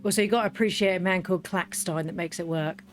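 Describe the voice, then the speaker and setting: Over soft background music, a woman with a lowish voice talks fast while hosting a game video. Her gameplay commentary is casual and animated, and she's giggly, often cracking up with laughter.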